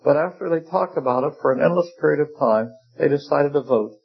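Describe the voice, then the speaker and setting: A man's voice: fairly high pitch, fairly quick, creaky, slightly rough. An older man preaching a sermon in a folksy, wry way, with humorous asides about his seminary teaching. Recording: dull lo-fi recording.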